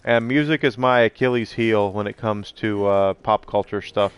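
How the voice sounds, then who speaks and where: A man's voice: fairly low pitch, fairly even intonation, normal speed, clear, resonant tone. A middle-aged man streaming live, rambling casually and answering his viewers' chat messages.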